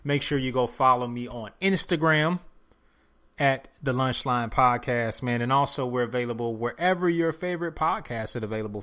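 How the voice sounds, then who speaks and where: A man's voice: mid-range voice, a bit bright. A man hosting his own podcast, talking alone in casual slang and preaching to his listeners, repeating his points for emphasis. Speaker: podcast host. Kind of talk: solo podcast monologue.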